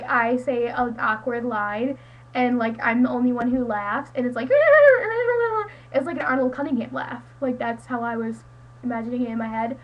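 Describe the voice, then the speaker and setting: A woman's voice: fairly high pitch, muffled recording. A teenage girl chatting casually to a friend on her webcam, rambling with lots of "like" and "um". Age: teens. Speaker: student vlogger. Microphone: webcam mic.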